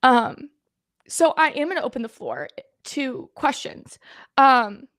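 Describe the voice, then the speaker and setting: A young woman in her twenties talks to her livestream audience in a high voice. She speaks earnestly, repeating points for emphasis, and sounds close to tears. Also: very animated, slow, a bit bright. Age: 20s. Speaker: guest host of a livestream. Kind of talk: livestream open forum.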